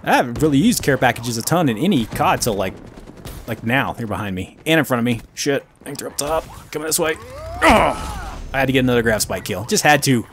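A man giving casual, self-mocking commentary over his own gameplay, with excitable outbursts and muttering. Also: medium pitch, fairly quick, a little hiss or hum. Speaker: gaming commentator.

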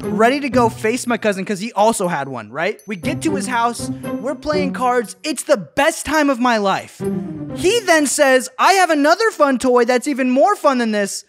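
An excitable young man reacts to memes in loose, slangy chat, leaning on "dude" constantly. His pitch leaps around with a lively, bouncy swing. Clip music plays clearly behind him. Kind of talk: casual reaction commentary.

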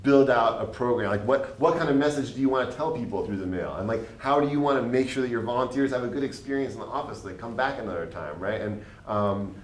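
Answering at a public panel, this late-20s state legislator rambles earnestly and fills his speech with fillers. His medium-pitched voice moves quickly with hardly any pauses, against echoey acoustics and faint background noise.

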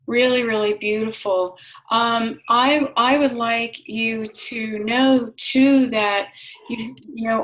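A woman healer leading a guided healing session, speaking slowly and soothingly, repeating phrases. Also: fairly high pitch, a bit bright, poor audio. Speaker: energy healer.

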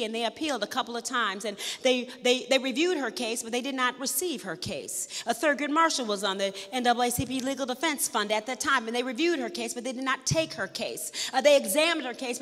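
A woman pastor preaching a storytelling sermon, building to shouted emphasis, in a large hall at a worship service. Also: high-pitched.

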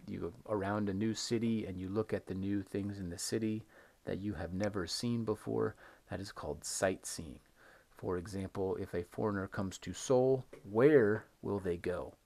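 Chatty low-voiced male English teacher. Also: moderate pace, creaky, mellow. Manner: chatty, repeats questions and answers them himself. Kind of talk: recorded online English lesson.

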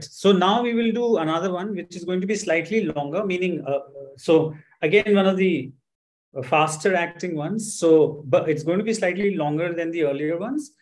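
A man leading a live-streamed stress management workshop, talking with many fillers and gently coaxing his viewers. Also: high voice, lively intonation, normal speed, rough recording. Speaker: workshop instructor.

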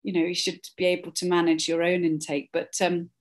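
A middle-aged woman from Scotland, telling stories in a relaxed interview and acting out the voices of the people in them. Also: fairly low pitch, a little fast. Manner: chatty, animated storyteller, acts out quoted voices. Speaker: interview guest. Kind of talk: casual storytelling.

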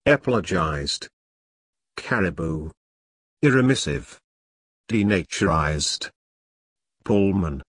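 Slow husky man reading single words. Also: lowish voice, a bit bright, no room sound, studio quality. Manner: slow, one word at a time with pauses. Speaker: word list reader. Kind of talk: reading a vocabulary list.

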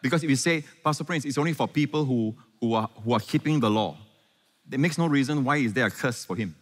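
A man preaching a sermon as pastor, animated, often asking the congregation questions and calling for amens. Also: medium pitch, quick pace, big-room sound.

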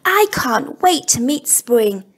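A woman's voice: fairly high pitch, sing-song, takes it slowly, slightly rough, heavily acted. A woman voicing a small, curious young male robin in a storybook, asking eager, wondering questions. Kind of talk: storybook reading.

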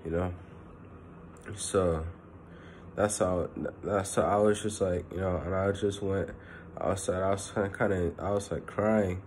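Young male preacher, dark mellow tone, loose rambling delivery, sincere and personal. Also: deep voice, level tone, measured pace, slight background noise. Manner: rambling, lots of fillers like "you know"; earnest and personal. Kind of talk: casual spoken sermon.

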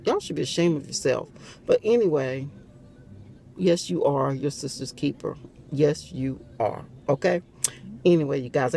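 A woman's voice: low voice, darkish tone, a little hiss or hum. A woman in casual chat to camera as a couponing vlogger, dramatic and playful, hollering and laughing. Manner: dramatic, hollers and laughs often, slow drawn-out delivery.

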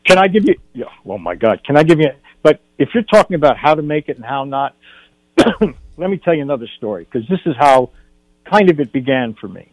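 A man's voice: mid-range voice, sing-song, brisk, no room sound, poor audio. An older man, a guest film director, telling a story on a radio talk show and acting out the dialogue.

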